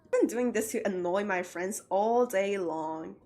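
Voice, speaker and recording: A young woman chats casually on her art livestream, mid-pitched and animated. She laughs often and breaks into lively rants. Faint music plays underneath. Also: unhurried. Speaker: art streamer.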